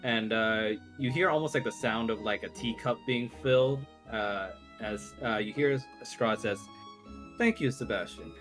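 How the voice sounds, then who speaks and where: A man narrating as game master on an online call, with a halting delivery full of fillers. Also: medium pitch, fairly bright tone, soft background music.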